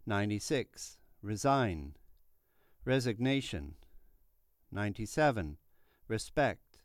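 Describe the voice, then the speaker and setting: A man reading numbered word lists aloud for a pronunciation lesson, slowly and deliberately, each word clearly articulated. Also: fairly low pitch, dry recording, studio quality. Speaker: pronunciation teacher.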